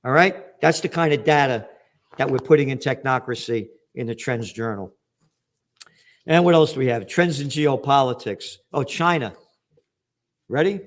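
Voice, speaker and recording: A man in his seventies with a New York accent, giving a blunt, profane, combative commentary monologue as host. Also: mid-range voice. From United States. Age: 70s.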